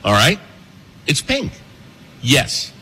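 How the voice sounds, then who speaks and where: A man hosts a political commentary show from a cafe, his bright, forceful voice swooping up and down as he hammers home points with quick repetitions. Faint background noise sits under his talk. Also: mid-range voice. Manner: animated, emphatic, fast, with repetitions. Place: pastry shop and cafe.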